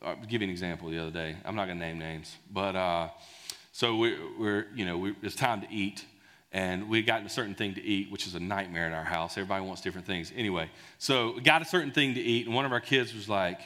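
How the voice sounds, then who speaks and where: A man preaching a sermon in a conversational, animated storytelling way. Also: on the low side, quick pace. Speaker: pastor. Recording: long hall reverb.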